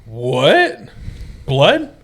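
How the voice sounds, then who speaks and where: A man co-hosting a podcast in casual chat, joking often and breaking into shouted bits. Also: medium pitch, wildly swooping pitch, drawn-out words. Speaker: podcast co-host.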